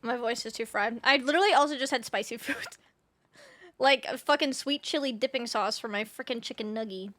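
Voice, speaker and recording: A woman's voice: fairly high pitch, brisk, sharp tone, dry recording. A young woman streaming a game, chatting casually and laughing often, swearing freely and filling her talk with "like," on a close mic. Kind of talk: casual chat while gaming live.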